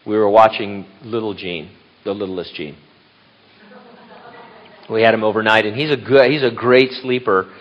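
A man's voice: on the low side, fairly even intonation, normal speed, pauses often. Older male pastor, casual rambling sermon. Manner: casual, rambling with restarts and asides. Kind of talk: conversational sermon. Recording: dull lo-fi recording.

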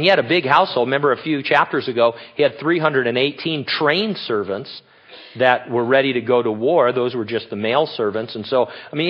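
An older male pastor delivers a sermon in a mid-range voice, wandering from one aside to the next. He jokes about himself and breaks into laughter. The recording sounds a little dull and muffled. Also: medium pitch. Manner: rambling, joking, breaks into laughter.

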